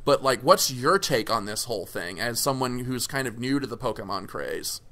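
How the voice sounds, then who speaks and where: Bright-voiced rambling male podcast host. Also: medium pitch, expressive, normal speed. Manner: rambling, many fillers and restarts, swears casually. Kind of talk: casual podcast chat.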